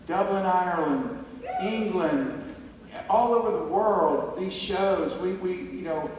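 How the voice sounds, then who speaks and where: A man's voice: high voice, slow pace, background noise. A man giving a heartfelt, rambling acceptance speech on stage, full of restarts and quoted conversations. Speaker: award honoree giving a speech. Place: large hall on stage. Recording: echoey hall recorded from far off.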